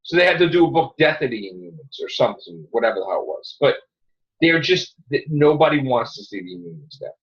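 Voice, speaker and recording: A man hosting a casual podcast, ranting excitedly and swearing a lot. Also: medium pitch, fast talker, highs cut off. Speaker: show host.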